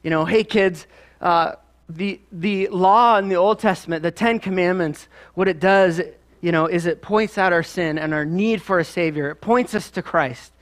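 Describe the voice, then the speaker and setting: Speaking at a moderate pace in a voice that sits high, this Midwestern American man delivers a sermon. As a pastor, he keeps it conversational, weaving in stories and side remarks.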